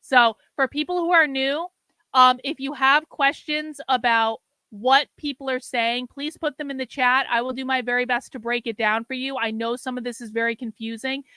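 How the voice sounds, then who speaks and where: A woman's voice: high-pitched, steady tone, normal speed, bright, forceful tone, clear, resonant tone, no room sound. A woman hosting a livestream, commenting bluntly on a clip and lecturing her chat, with frequent swearing. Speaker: host reacting to a stream.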